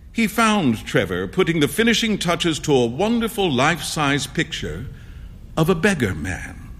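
A man narrates a classic story in an expressive storybook manner. His voice sits a little higher than most men's and moves freely, with lively pitch.

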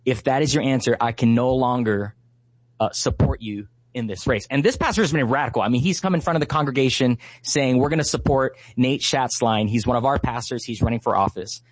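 A man in his thirties tells a story of faith in an earnest, heartfelt way, often pausing with "uh" and "you know". His voice sits at an ordinary middle pitch. It is recorded dry, with no room sound. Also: no echo. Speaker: ministry leader and guest.

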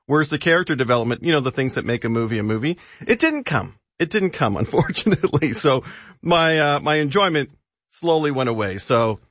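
A man's voice: a little high, animated, brisk, a bit bright, no room sound. Chatty male radio co-host, dry sound. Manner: chatty, laughs easily. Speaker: radio co-host, movie reviewer. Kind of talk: casual radio chat. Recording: dry, slightly dull radio studio audio.

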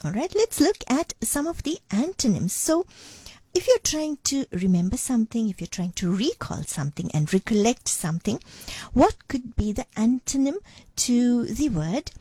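A woman's voice: fairly high pitch, very animated, normal speed, dark tone, no echo. A woman presenter on a radio language segment, patiently breaking words into syllables and repeating them. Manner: clear, patient, drills syllables with repetition.

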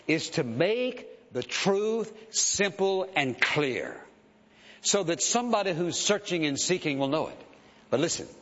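A male pastor preaching a sermon with conviction, emphatic and insistent, often urging the listeners to listen. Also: on the high side. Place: church sanctuary. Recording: dull sound, long hall reverb.

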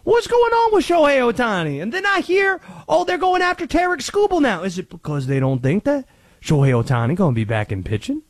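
A man voicing an excitable, rambling male conspiracy-minded sports fan with a put-on Cajun accent. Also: very high voice, brisk, dry recording, clean studio sound, pitched above the performer's own voice, full character voice. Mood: suspicious. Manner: jumpy, rambling, suspicious.

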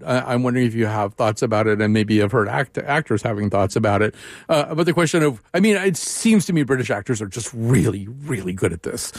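A man interviewing a guest, thinking aloud with many halting restarts. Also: mid-range voice, dry recording, studio quality. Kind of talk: radio interview conversation.

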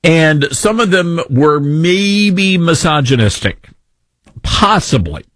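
A man's voice: a little high, expressive, takes it slowly, fairly bright tone, dry recording. A man with a Southern accent hosting talk radio, ranting sarcastically in an opinionated way.

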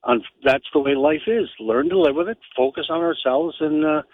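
A man's voice: on the high side, animated, normal speed, dry recording. Blunt male caller on a phone line. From Canada. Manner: blunt, matter-of-fact. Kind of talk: call-in radio opinion.

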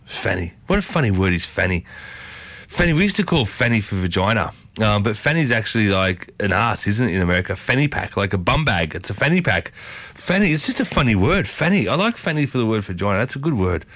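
A man's voice: big pitch swings, a little fast, fairly bright tone. Chatty Australian man on radio. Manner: chatty, enthusiastic, swoops up in pitch. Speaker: radio host. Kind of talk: community radio chat.

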